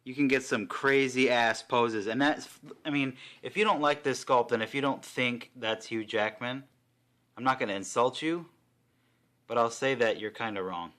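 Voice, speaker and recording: A man chatting casually and excitedly while reviewing a collectible figure, swearing now and then. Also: medium pitch, moderate pace.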